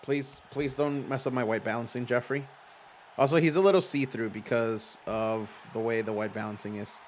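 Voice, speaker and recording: A man hosts a casual livestream from home in front of a green screen. His voice sits at a middling pitch, and he talks in an easygoing, animated way. He reads viewer messages aloud, swears freely and laughs often. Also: moderate pace, a little hiss or hum. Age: adult with young children. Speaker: streamer hosting a simulated wrestling league.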